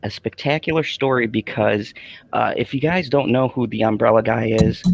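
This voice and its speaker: A man's voice: medium pitch, moderate pace, creaky. A man hosting a casual late-night live stream, ranting and swearing freely. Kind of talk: casual profane livestream chat.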